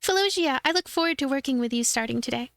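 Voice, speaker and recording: A woman's voice: sits high, lively intonation, quick pace, gravelly, a bit bright, no room sound, clean studio sound, voice pushed up, full character voice. A woman voicing a perky little female spider devil helper in a game, eager and polite. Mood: cheerful.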